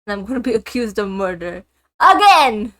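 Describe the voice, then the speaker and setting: Excitable young woman gaming streamer. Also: a little high, a little fast. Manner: excitable, swearing, laughing reactions. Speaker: gaming YouTuber. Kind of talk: let's play commentary and reading dialogue aloud. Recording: game music behind voice.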